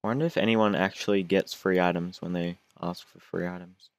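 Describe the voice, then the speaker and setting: Deep-voiced young man narrating gameplay. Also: steady tone, fairly quick, no room sound. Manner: chatty, self-mocking, whiny begging. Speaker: gaming YouTuber. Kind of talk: casual gameplay commentary.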